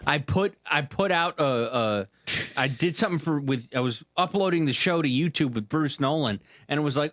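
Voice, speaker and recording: A man's voice: fairly high pitch, animated, a little fast, a bit bright, dry recording, clean studio sound. Easygoing male podcast co-host. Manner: easygoing, hesitant with fillers. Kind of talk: casual banter.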